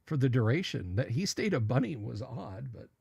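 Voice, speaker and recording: A man hosting a livestream who chats casually with viewers and goes into opinionated, animated rants with stammered restarts. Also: mid-range voice, normal speed, gravelly, slightly rough. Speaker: livestream host. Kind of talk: casual chat reading viewer comments.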